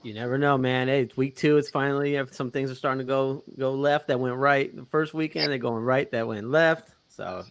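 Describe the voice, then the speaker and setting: A man's voice: mid-range voice, fairly even intonation, fairly quick, few pauses, clean tone, no room sound. Slangy, upbeat male co-host. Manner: slangy, hype greetings and questions to the crew. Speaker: podcast co-host. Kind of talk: casual hype chat.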